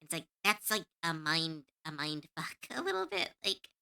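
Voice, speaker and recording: A woman's voice: sits low, big pitch swings, moderate pace, gravelly, bright, forceful tone, smooth. A woman streamer chatting casually to her viewers, rambling and giggling between thoughts.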